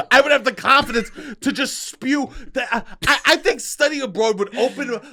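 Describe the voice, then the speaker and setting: A man's voice: very high-pitched, normal speed, sharp tone. A young man co-hosting a podcast, chatting comedically and slipping into theatrical, mock-dreamy bits. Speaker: podcast co-host. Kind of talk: comedic casual chat.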